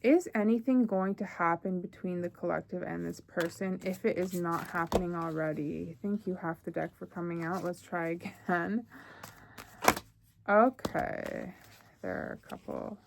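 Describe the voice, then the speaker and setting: Young woman doing a tarot reading, chatty, lots of ums, bit of vocal fry. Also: fairly low pitch, a little slow, background noise. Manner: chatty, thinking aloud with fillers. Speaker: tarot reader.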